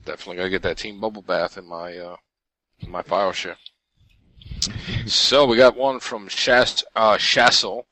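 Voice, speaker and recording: A man's voice: lowish voice, fairly even intonation, normal speed, long pauses, sharp tone, no room sound, rough recording. A man co-hosting a gaming podcast, reading listener mail aloud in a playful way. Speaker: podcast co-host.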